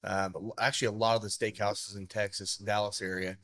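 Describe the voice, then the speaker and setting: A man's voice: lowish voice, level tone, brisk, a bit bright, no echo, studio quality. A man co-hosting a casual podcast, easygoing and loose, restarting his sentences. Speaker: podcast co-host. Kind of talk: casual chat.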